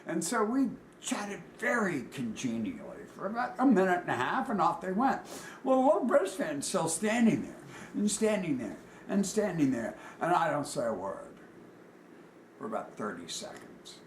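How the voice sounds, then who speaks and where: Animated storyteller, slightly high. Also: male voice, slight background noise. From Charleston, South Carolina. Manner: animated, dramatic pauses. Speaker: storyteller, former tour guide. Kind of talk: live anecdote storytelling. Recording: echoey room, faint ambience.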